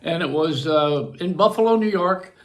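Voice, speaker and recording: A man's voice: a little high, normal speed. An older man hosting a show, rambling through a casual monologue, joking and laughing at himself. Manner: chatty, self-mocking, laughs at his own jokes. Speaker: radio and broadcast host.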